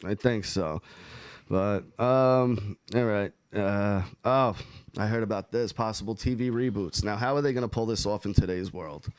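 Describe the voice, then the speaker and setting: A man's voice: fairly low pitch, moderate pace, clean tone, no room sound. A man hosting a casual podcast chat, talking in a profane, emphatic, rambling way. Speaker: podcast host.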